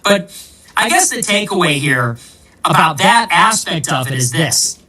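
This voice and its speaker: A man's voice: on the high side, sing-song, unhurried, bright, forceful tone, far from the mic, low-quality recording. A man, a political commentator, delivering a combative, sarcastic ranting monologue.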